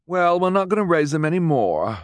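A man's voice: a little high, very animated, a little fast, dry recording, voice pushed up. A haughty, snobbish rich woman snaps imperiously , as a male narrator puts her on. Her voice is lifted well above the reader's own register, with a dry, close sound. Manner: snappish, imperious.

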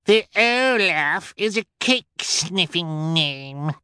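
A man voicing a spoiled, rude little girl in a high, sneering, bratty voice. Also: animated, slow pace, bright, forceful tone, clean tone, dry recording, studio quality, full character voice.

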